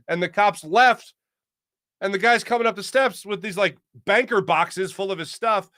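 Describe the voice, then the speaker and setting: A man in his late thirties, a sports show host, telling a story in a casual, animated way, laughing often and acting out the quotes. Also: sits high, moderate pace, no echo, studio quality.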